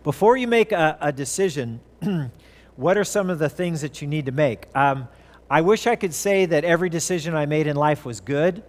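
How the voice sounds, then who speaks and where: A pastor in his fifties, preaching and telling stories in a fairly high voice. His words ring out with long reverb through a church hall, and he breaks into playful asides as the story goes on. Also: moderate pace. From California. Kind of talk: sermon. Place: church sanctuary.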